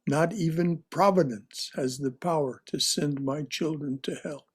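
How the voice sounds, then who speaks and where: Slow husky guy reading scripture to a class, higher voice, takes his time. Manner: slow, deliberate reading with repetitions and restarts. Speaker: teacher of a religious class. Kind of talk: reading aloud and teaching. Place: online class.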